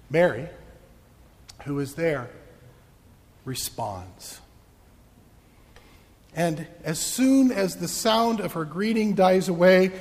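Guy preaching a sermon, kinda high voice, jokey, long echo like a big church. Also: darkish tone. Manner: playful, joking with the congregation. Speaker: pastor.

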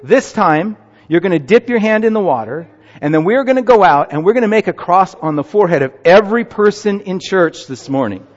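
Upbeat pastor in a reverberant church. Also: male voice, high voice, lively intonation, brisk. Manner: coaxing, upbeat, leads a group activity. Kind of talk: children's sermon. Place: church sanctuary. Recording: muffled sound in a reverberant church.

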